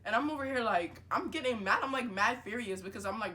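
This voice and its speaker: A woman's voice: mid-range voice, fast talker, hardly any pauses, slight background noise. Chatty young woman telling a story. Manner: animated, filler-heavy, acts out dialogue. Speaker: vlogger. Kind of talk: casual storytime monologue.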